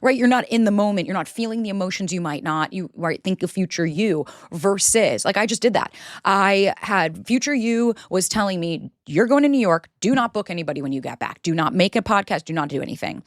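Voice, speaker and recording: A woman's voice: medium pitch, animated, fairly quick, no room sound, studio quality. Blunt, swearing woman podcast host. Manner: blunt, emphatic, swears freely. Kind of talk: candid solo podcast monologue.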